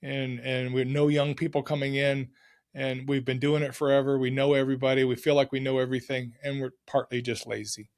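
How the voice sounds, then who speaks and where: Blunt older oil field supplier, matter-of-fact, a man doing the voice, mid-pitched, told in conversation. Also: little pitch movement, a little fast, lightly acted. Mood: frank.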